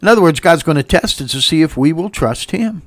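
Male pastor, fairly high voice, dry close sound; preaches with emphatic rising refrains. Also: expressive, a little fast, no room sound. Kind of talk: sermon.

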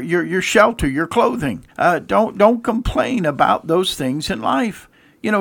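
Pastor guy preaching, gravelly voice, a bit high, keeps repeating words and restarting. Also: fairly bright tone. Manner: tells jokes and anecdotes between scripture readings. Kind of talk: sermon.

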